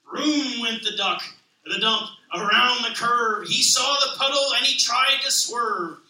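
A man, a pastor, reading a children's picture book aloud with lively expression, then talking casually to open a sermon. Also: extremely high pitch, unhurried, echoey room, far from the mic, poor audio.

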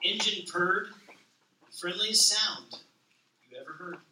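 A man, a pastor, reading a children's picture book aloud with lively expression, then talking casually to open a sermon. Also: sits high, takes it slowly, echoey room, distant mic, slight background noise, poor audio.

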